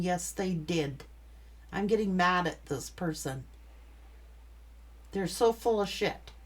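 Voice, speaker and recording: Slow, blunt woman tarot reader. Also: on the low side, expressive. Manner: blunt, emphatic, swears freely. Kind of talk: tarot reading monologue.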